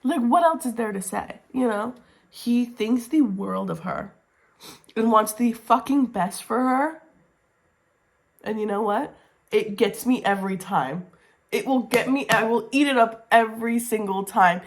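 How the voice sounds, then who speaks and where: A young woman book vlogger talking to her camera at home in a casual reading wrap-up, gushing and excitable, swearing casually and repeating herself. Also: mid-range voice, measured pace. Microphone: camera mic, talking to camera.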